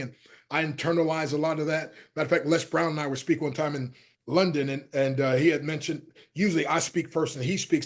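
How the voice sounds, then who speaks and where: A man's voice: on the high side, slightly rough. A middle-aged man, a motivational speaker, telling personal stories as a guest in an interview, acting out the voices of the people he quotes. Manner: animated storyteller who acts out quoted voices and shifts loudness a lot. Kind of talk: storytelling interview talk.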